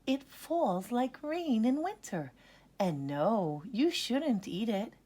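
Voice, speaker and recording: A woman's voice: fairly high pitch, very animated, slow pace, voice pushed up, full character voice. A kind storybook mom, as a woman reads her. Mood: gentle. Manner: gentle, laughing reassurance. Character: kind, patient mother, adult woman.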